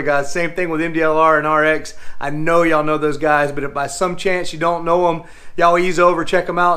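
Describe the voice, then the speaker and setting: High-pitched guy, folksy and upbeat, cooking in his kitchen for the camera. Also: fairly bright tone. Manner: folksy, upbeat, talks straight to viewers. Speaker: fishing channel host. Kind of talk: casual cooking vlog talk. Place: home kitchen.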